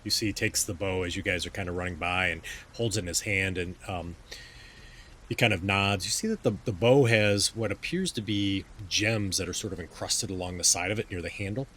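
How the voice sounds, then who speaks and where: A man's voice: low voice, brisk, bright, forceful tone, slight background noise. A man narrating a tabletop game as game master, hesitant, with frequent ums and restarts.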